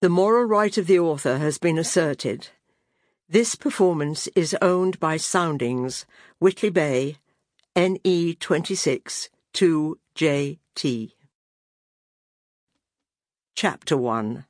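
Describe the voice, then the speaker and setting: Slow, measured woman reading an audiobook. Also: sits low, animated, dry recording, studio quality. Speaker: audiobook narrator. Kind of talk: scripted audiobook narration.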